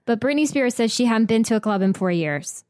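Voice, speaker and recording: A woman's voice: fairly high pitch, expressive, a little fast, a little mellow, no room sound. A young woman with a Southern US accent chats on a podcast. She giggles a lot and jumps in to finish her friend's thoughts, in a dry, close recording. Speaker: podcast co-host. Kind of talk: casual chat.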